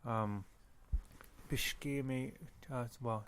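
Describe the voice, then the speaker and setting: A man teaching a language lesson, slowly repeating words and pausing to think. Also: mid-range voice, fairly even intonation, fairly bright tone, slight background noise. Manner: slow, careful, repeats words with pauses. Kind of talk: recorded audio lesson.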